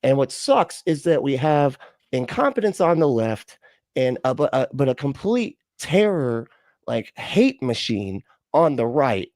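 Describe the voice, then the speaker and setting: A man's voice: medium pitch, sing-song, measured pace, a little mellow, no room sound, clean studio sound. A man in casual livestream chat, rambling and profane, packed with "like" and "you know". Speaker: livestream co-host.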